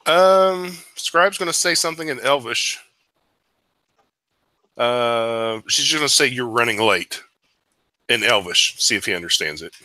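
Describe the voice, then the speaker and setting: A man's voice: medium pitch, lively intonation, unhurried, sharp tone, no echo. A man playing in an online tabletop game, speaking plainly and matter-of-factly. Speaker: player. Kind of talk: casual tabletop game chat.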